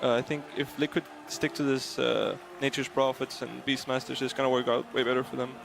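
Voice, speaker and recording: A man on a live esports panel giving his read on the draft, thoughtful and hesitant with frequent pauses. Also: medium pitch, level tone, vocal fry, music in the background. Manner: thoughtful, hesitant, many uh fillers. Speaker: panel analyst. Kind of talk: panel discussion.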